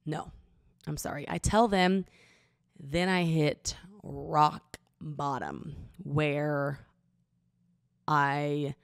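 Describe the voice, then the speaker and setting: A young woman from Oklahoma hosting a podcast, telling a personal story in a halting, vulnerable way, full of restarts and fillers, close to tears. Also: low voice, steady tone, vocal fry, dry recording. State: emotional, near tears. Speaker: podcast host. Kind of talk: personal confessional monologue.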